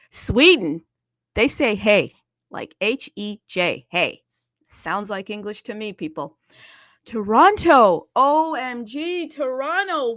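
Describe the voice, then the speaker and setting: A bubbly woman hosts a casual live chat and talks straight into a close mic. Her voice sits at a middle pitch, and the sound is very dry, with no room echo at all. She exclaims a lot and goes back and forth between playful shout-outs and chatty asides full of fillers. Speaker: host of a crypto audio space.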